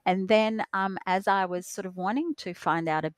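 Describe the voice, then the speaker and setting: A woman's voice: mid-range voice, moderate pace, dry recording. A woman guest on a podcast, speaking casually and hesitantly, with many fillers and restarts. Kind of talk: casual discussion.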